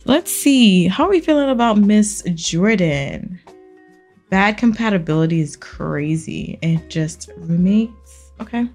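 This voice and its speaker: A young woman hosting a let's play, talking to viewers in an animated, slangy, casual way. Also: mid-range voice, measured pace, soft background music. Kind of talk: casual game commentary.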